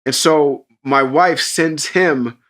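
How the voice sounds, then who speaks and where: A man co-hosting a podcast, telling an animated, profane story in casual chat and jumping into excited voices for the people in it. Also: mid-range voice, moderate pace. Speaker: podcast co-host.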